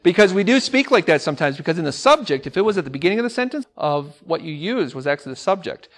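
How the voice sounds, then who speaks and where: A man teaching a class of speech students, talking with energy and throwing questions out to the room. His voice sits a little higher than most men's. He repeats key words to drive a point home. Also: sing-song, fast. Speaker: English teacher and speech coach. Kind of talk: classroom lecture.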